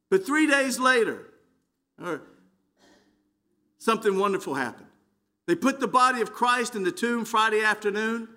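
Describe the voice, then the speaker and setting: A man preaches with a high, bright voice. He swings from loud, emphatic phrases down to hushed lows. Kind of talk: dramatic sermon.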